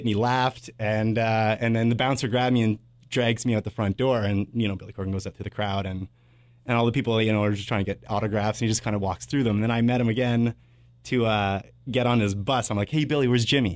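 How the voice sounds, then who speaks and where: A low-pitched man in his thirties hosting a radio show, spinning a loose, rambling anecdote between songs. He talks casually and leans on filler words as he goes. The sound is dry and close, with no room around it. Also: no room sound. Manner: rambling and anecdotal, full of "uh" and "blah, blah". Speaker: radio host. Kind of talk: casual on-air storytelling.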